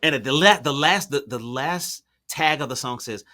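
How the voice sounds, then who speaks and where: Bright-toned man telling a story casually. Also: medium pitch, moderate pace. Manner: animated, slangy storyteller with many fillers and restarts. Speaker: podcast host.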